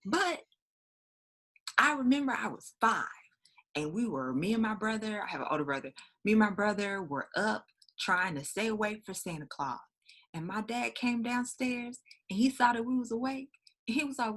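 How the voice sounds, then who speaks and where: A young woman co-hosting a casual chat who tells personal stories in a candid, reflective way, with a husky voice. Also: medium pitch, animated, normal speed, long pauses, a bit bright. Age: young adult. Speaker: podcast co-host.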